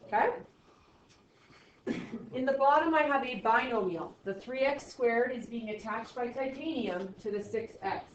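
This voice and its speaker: A woman's voice: a little high, measured pace, slight background noise. A woman teaching a math class, explaining steps aloud with playful, sarcastic asides to her students. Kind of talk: classroom lecture. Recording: echoey, distant, dull classroom audio.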